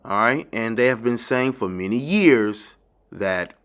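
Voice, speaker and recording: Emphatic man giving a lively lesson. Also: medium pitch, measured pace, smooth. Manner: emphatic and insistent, repeating key phrases; addresses viewers directly as ladies and gentlemen. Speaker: teacher and channel host. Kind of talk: lecture-style video lesson.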